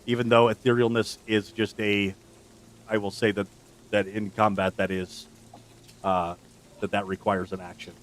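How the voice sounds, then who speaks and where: A low-pitched man leads a tabletop session as game master. He narrates the action at an easy pace and slows down for dramatic beats. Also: little pitch movement, slight background noise.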